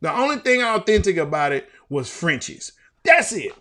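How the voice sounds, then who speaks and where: A man co-hosting a casual sports talk show, animated and repeating himself, with big swings in pitch. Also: normal speed. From Houston, Texas. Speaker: co-host.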